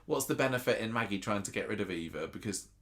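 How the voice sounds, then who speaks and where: Deep-voiced man chatting casually. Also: lively intonation, fast, a bit bright. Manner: rambling, thinks aloud with restarts. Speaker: podcast co-host. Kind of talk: casual chat about a TV soap.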